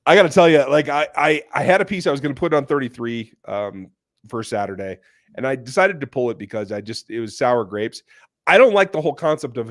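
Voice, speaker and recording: A man's voice: medium pitch, expressive, fairly quick, dry recording, studio quality. A man hosting a casual sports talk show, blunt and opinionated, reading viewer questions from the live chat. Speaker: podcast host.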